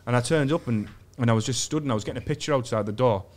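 A man's voice: medium pitch, very fast. A man from England with an English accent, telling a rambling story in a casual podcast chat, quoting what people said and swearing a lot. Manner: rambling storytelling with lots of swearing and quoted dialogue. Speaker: guest storyteller, former boxer.

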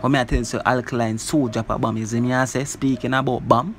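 Man, song reviewer, animated casual patter, middle-pitched, faint hiss under his voice. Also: fast. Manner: animated, peppers talk with "bro" and "you see me". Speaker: music reviewer.

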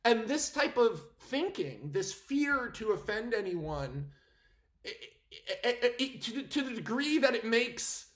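Animated, incredulous casual ranting vlogger. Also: medium pitch, slow pace. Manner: animated, incredulous, breaks into laughter, self-interrupting. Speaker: film commentary vlogger. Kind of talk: casual opinion rant to camera.

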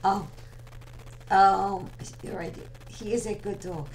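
A woman's voice: medium pitch, steady tone, takes it slowly, darkish tone, slight background noise, poor audio. A young woman hosting an online radio show, rambling casually and teasing her listeners as she talks with them. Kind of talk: casual live chat with listeners.

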